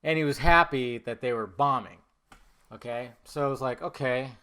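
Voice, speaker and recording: A middle-aged man hosting a podcast, telling a rambling, animated personal story with lots of swearing and acted-out quotes. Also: medium pitch, normal speed, clear, resonant tone. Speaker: podcast host. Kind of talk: casual storytelling monologue.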